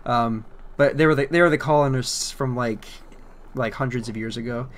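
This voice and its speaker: A man's voice: mid-range voice, moderate pace, slight background noise. A man casually commentating a video game, joking, swearing and laughing often. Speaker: let's play commentator.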